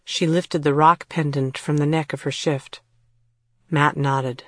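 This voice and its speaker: A woman narrating an audiobook in a measured storytelling read. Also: deep voice, fairly even intonation, a bit bright, dry recording, clean studio sound. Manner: measured storytelling read, puts on voices for characters.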